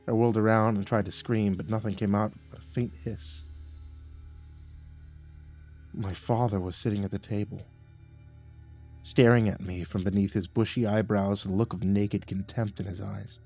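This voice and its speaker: A man reading a first-person horror story aloud, dramatic and swinging between hushed and loud. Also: on the low side, steady tone, moderate pace, no echo, soft background music.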